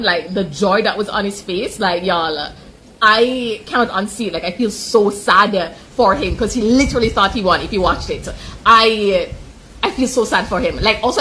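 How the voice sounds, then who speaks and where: A woman's voice: medium pitch, fairly bright tone, a little hiss or hum. Chatty woman, emotional. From Jamaica. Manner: emotional, chatty, peppered with "like", quick laughs. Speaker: sports reaction commentator. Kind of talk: casual chat.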